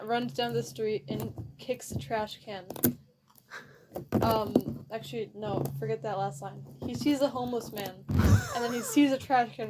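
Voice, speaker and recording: A woman's voice: fairly high pitch, very noisy. A woman improvising a silly story for a storytelling game, giggling and losing her place as she goes. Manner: giggly, rambling, loses track and restarts. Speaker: storyteller in a narrative telephone game.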